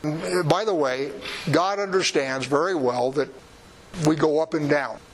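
Male preacher, fairly high voice, plain-spoken sermon with dry humor. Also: normal speed, rough recording. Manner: conversational, emphatic, with wry asides.

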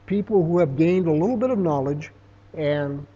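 A man's voice: fairly high pitch, moderate pace, dark tone, slightly rough. A middle-aged man giving a conversational Bible teaching, telling stories and reading scripture aloud with emphasis. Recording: dull, lo-fi sound.

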